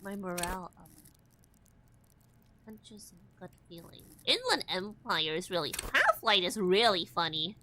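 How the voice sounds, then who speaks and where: A young woman streaming a game, excitable and dramatic in her commentary. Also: medium pitch, measured pace. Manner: excitable, dramatic, reacts loudly. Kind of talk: casual game playthrough commentary.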